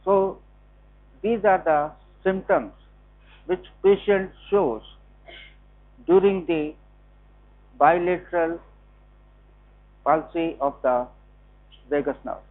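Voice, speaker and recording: A man with an Indian English accent giving a classroom anatomy lecture, slowly repeating key terms. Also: on the high side. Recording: tinny lo-fi classroom recording.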